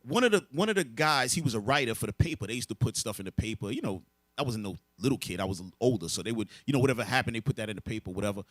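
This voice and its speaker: Preaching to a group, a religious teacher delivers his lesson forcefully, raising rhetorical questions only to answer them. He talks rapid-fire in an expressive, mid-range voice that's a bit bright, with no room sound in the recording.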